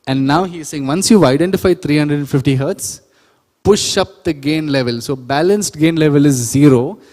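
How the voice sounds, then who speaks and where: A man's voice: a little high, normal speed, darkish tone. A man teaching a sound production class, chatty and often quizzing his audience. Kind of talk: classroom lecture. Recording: reverberant lecture hall.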